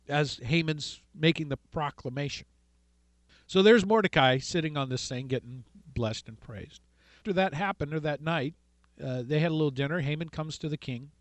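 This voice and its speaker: A male radio talk host tells a story with animated, high-pitched delivery that swings widely up and down. He voices each character himself as he goes. The sound is dry and close, with no room around it. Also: dry recording. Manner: acts out quoted characters in lively voices. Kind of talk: animated storytelling on a call-in show.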